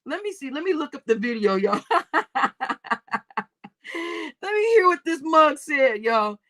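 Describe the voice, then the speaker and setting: A woman's voice: high voice, big pitch swings, unhurried, fairly bright tone. A young woman hosting a casual livestream, reading comments, laughing often and telling stories with lots of cursing. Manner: laughing, profane, storytelling with acted quotes. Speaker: livestream host.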